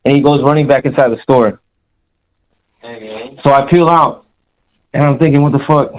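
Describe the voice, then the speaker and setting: A man phones in to a show and tells a rambling story with swagger and crude words. His voice sits at an ordinary middle pitch as he talks in a casual way. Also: steady tone, normal speed, dull audio. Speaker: caller.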